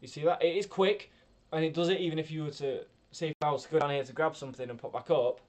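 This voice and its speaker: A man's voice: on the high side, steady tone, quick pace. Man on a poor webcam mic. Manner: rambling, self-correcting and talking louder than usual. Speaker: YouTuber reviewing gear. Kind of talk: casual tech review vlog. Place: home room near a computer tower. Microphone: built-in webcam microphone.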